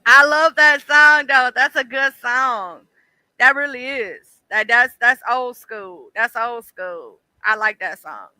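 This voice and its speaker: A man's voice: very high-pitched, slow, sharp tone, clean tone, no echo, rough recording. A man hosting a casual livestream, talking emphatically in slangy, repetitive bursts. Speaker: livestream host.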